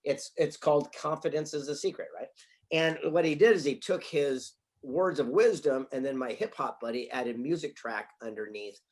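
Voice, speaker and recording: A man, an author and speaker, answering interview questions with animated stories and acted-out dialogue from his office. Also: a little high, normal speed. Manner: animated storyteller, acts out quoted dialogue.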